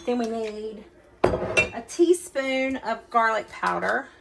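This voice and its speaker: Woman, higher voice, chatty cooking host, clinking dishes behind. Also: slow pace, creaky, very noisy. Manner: chatty and folksy, talks straight to viewers. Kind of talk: casual cooking demonstration. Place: home kitchen. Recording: kitchen clatter of dishes and utensils.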